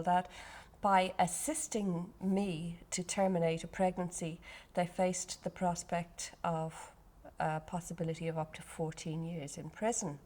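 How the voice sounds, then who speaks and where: A woman in a documentary interview, speaking in a composed, deliberate way. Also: on the low side, warm tone.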